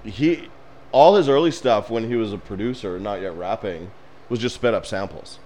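A man co-hosting a casual podcast chat, telling movie scenes with laughter and rising excitement. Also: fairly low pitch, moderate pace. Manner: animated storyteller, laughs while retelling scenes. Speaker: podcast co-host.

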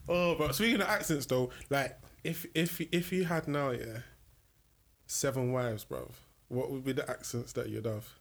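A man's voice: mid-range voice, normal speed, gravelly. Man, casual chat, teasing slangy questioner.

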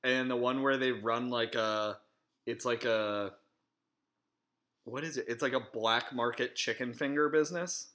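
A man's voice: medium pitch, steady tone, unhurried, fairly bright tone. A man in casual chat, giving short agreeing replies and laughing along.

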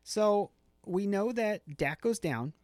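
Playful, teasing man with a lively voice. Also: high voice, takes it slowly, no echo, clean studio sound. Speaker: podcast co-host. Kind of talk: casual sports chat.

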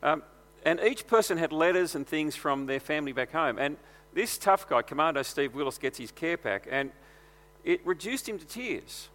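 A man preaches from the front of a large church, his voice pitched high and bright. It rings out with a long reverb from the hall around him. He talks in an earnest, conversational way, as if chatting with the congregation. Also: animated, moderate pace. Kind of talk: sermon.

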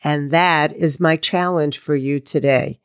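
Slow, low-voiced woman coaching. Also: fairly even intonation, smooth. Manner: direct, tough-love pep talk with imagined quotes. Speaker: life coach. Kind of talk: solo coaching podcast monologue.

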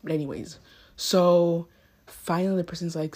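A young woman in her late teens tells a story on her own podcast, and her lowish voice has a husky, breathy edge. She rambles and corrects herself mid-sentence, checking in with the listener as she goes. It sounds like she is talking straight into a phone. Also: little pitch movement, normal speed, dark tone. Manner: rambling, self-correcting, frequent "you know what I mean". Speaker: podcast host. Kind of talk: casual storytelling monologue. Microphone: phone mic.

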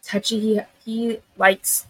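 A woman's voice: mid-range voice, little pitch movement, slow, dry recording, poor audio. A young adult woman co-hosting a podcast, chatting casually about her kids. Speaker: podcast co-host. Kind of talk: casual chat.

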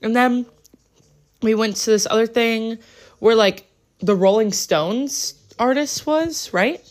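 A woman's voice: on the high side, slow. A woman chatting casually about her day for a travel vlog in a hotel room, rambling with lots of "like". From United States. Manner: chatty, rambling, many "like" fillers.

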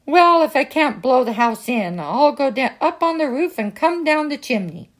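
A woman's voice: high-pitched, expressive, normal speed. A woman voicing an angry, scheming male wolf in a storybook, growling her threats.

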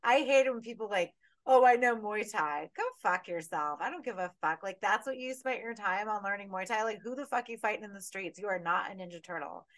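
A woman co-hosting a horror podcast in casual chat. She talks with animated energy and swears freely through her rants. The recording is dry and close. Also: mid-range voice, quick pace, few pauses, no echo. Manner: animated, profane, ranting. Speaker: podcast co-host.

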